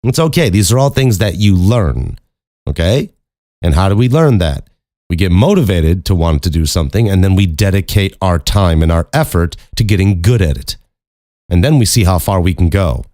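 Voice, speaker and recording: Deep-voiced man hosting a casual podcast. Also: expressive, normal speed, warm tone, no echo, studio quality. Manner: candid, profane, rambling with frequent restarts. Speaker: podcast host. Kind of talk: casual solo podcast talk.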